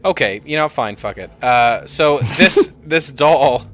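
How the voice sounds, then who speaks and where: A man's voice: a little high, lively intonation, unhurried, soft background music. A man narrating as game master of a tabletop game, easygoing and prone to trailing off.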